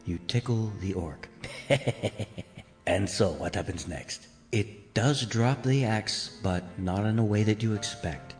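A deadpan young game master delivering bad news to his players, as a man plays him. His voice sits low, and he speaks slowly and dryly. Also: long reverb tail, faint music behind.

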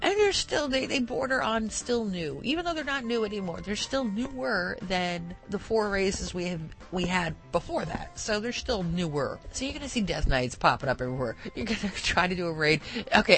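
A woman's voice: medium pitch, fairly bright tone. A woman hosting a casual podcast, rambling and digressing as she talks and laughing often. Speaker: podcast host.

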